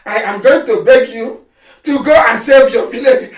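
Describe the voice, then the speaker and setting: A man giving an impassioned radio address, shouting, mocking and scolding his listeners. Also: very high-pitched, normal speed, far from the mic. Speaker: political activist broadcaster. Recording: echoey, off-mic radio broadcast.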